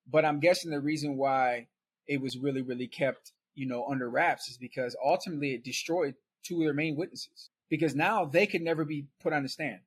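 A man's voice: mid-range voice, husky. A man guest on a podcast, telling his story in a casual, conversational way and checking in with "right?".

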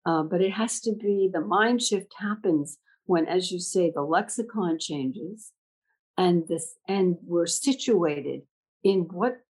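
Husky older woman telling stories. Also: fairly low pitch, takes it slowly, poor audio. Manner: animated, acts out dialogue in anecdotes. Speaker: school leader. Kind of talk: reflective storytelling in conversation.

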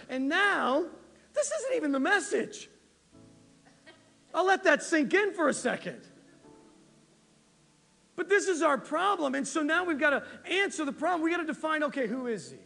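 A man pastor preaching a sermon in an animated, conversational way, often checking in with the congregation. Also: very high-pitched, vocal fry, in a large hall. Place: church sanctuary.

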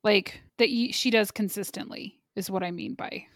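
A woman's voice: mid-range voice, normal speed, a bit bright, no echo, studio quality. A woman co-hosting a casual movie chat, talkative and self-deprecating, laughing easily at herself. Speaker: podcast co-host.

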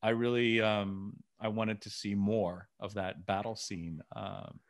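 A middle-aged man co-hosting a podcast, telling animated behind-the-scenes stories in casual chat. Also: fairly low pitch, slow, a crowd in the background. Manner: animated storytelling, acting out scenes. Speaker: podcast co-host.

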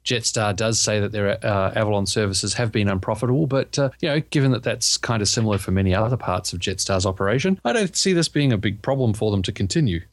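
A man co-hosting a casual podcast, measured with a dry humor. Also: on the low side, no room sound. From Australia. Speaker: podcast co-host.

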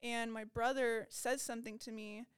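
Brief: woman guest, smooth and fairly high voice, lively casual storytelling, dry close mic. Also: normal speed, dry recording. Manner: lively storytelling, frequent "like", acts out her own past lines. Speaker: podcast guest in recovery.

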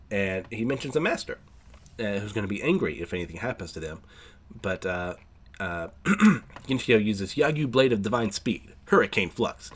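A man giving a casual chapter recap, rambling with fillers and frequent throat clearing. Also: on the low side, a bit bright. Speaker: manga reviewer.

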